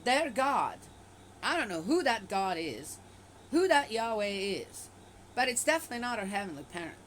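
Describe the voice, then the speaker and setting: A woman's voice: mid-range voice, very animated, a little fast, fairly bright tone, slight background noise, low-quality recording. A woman reading a scripture passage aloud and stopping often to comment on it with skepticism, in a casual, offhand way. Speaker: bible reader and commentator.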